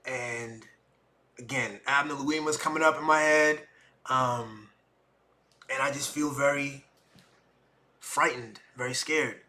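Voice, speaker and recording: This middle-aged podcast host speaks a little slowly in a medium pitch, with frequent pauses. Emotional and animated, he tells a personal story and voices what others said.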